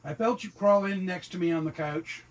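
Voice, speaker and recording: High-pitched and brisk with fairly even intonation, this sixty-something RV vlogger chats in a rambling, casual cooking-vlog style. He cooks in his RV kitchen and speaks to his cats now and then.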